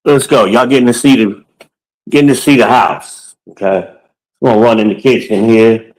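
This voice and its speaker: Low-voiced, boastful man. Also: moderate pace, darkish tone, poor audio. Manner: boastful, loose and joking, swears freely. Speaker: podcast host. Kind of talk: casual monologue to viewers. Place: walking through his own home.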